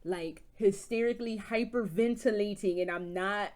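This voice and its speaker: A woman vlogger reviewing games in casual chat, telling stories in an animated, profane way with frequent laughs. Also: mid-range voice, moderate pace. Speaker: video game vlogger.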